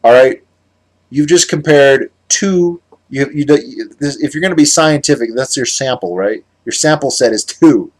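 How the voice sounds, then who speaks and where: An American man in the middle of a heated vlog rant, by turns sarcastic and exasperated. He rambles and stops to correct himself often, in a voice of middle pitch. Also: unhurried. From United States. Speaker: political commentator. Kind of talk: ranting monologue vlog.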